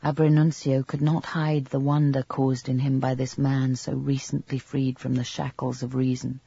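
Mellow, husky man narrating a story. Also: mid-range voice, completely flat delivery, normal speed, dry recording, lo-fi sound. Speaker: audiobook narrator. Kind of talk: scripted narration.

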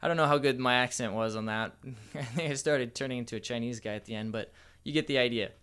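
A man's voice: mid-range voice, fast talker, a bit bright, smooth. A man giving casual, playful dating advice as a coach, with a slightly cocky manner.

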